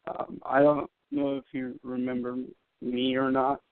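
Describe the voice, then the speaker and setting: A man calling in to a radio show, speaking in a hesitant, deadpan way. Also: medium pitch, unhurried, gravelly, clear, resonant tone, dry recording. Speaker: caller. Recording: dry, tinny phone line.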